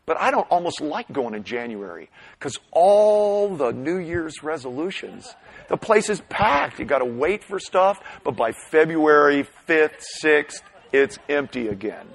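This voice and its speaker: A middle-aged man preaching a sermon, animated, swinging between loud bursts and hushed asides. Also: on the high side, a little slow, gravelly, rough recording. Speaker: pastor.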